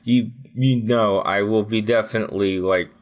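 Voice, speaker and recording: Animated man telling a workplace story. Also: lowish voice, normal speed. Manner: animated storyteller who acts out his own retorts. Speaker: podcast co-host. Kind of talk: casual podcast chat.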